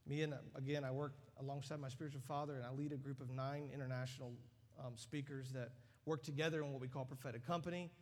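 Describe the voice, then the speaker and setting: A man preaching a sermon in a large church auditorium, animated and emphatic, building to loud peaks. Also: mid-range voice, fast, hardly any pauses. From United States. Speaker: guest preacher. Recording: long reverb of a large hall.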